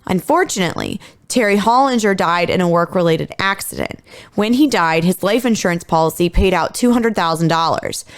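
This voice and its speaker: A woman in her thirties co-hosts a podcast, telling a true-crime story in a lowish, sing-song voice at a fairly quick pace. Her delivery is chatty and casual, full of fillers and casual swearing.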